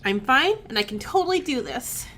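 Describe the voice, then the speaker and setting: Recovering from illness, this let's-play streamer sounds sick but stays chatty, offering casual gameplay commentary and reading game text at a moderate pace. Her higher, fairly bright voice swings widely in pitch, sighs and groans punctuate her lines, and a faint hiss or hum sits underneath.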